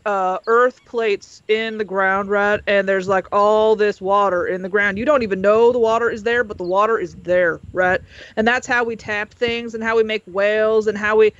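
A man's voice: high voice, a bit bright. A man voicing a rambling male professor scientist with a put-on Southern drawl, explaining things earnestly in a tabletop game. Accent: American Southern (put on). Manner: earnest, rambling, sound effects. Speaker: player. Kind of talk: in-character tabletop monologue. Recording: dull lo-fi audio.

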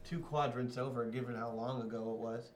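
A man's voice: medium pitch, fairly even intonation, brisk. A man playing in a tabletop game, talking casually and joking around. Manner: playful, jokey. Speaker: player.

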